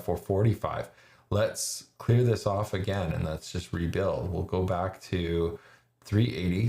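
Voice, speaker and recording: A man with a very deep, gravelly voice talks casually through option trades on a livestream. He thinks aloud, trailing into fillers and restarting his sentences. The sound carries a noticeable room echo. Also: warm tone. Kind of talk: casual live market commentary.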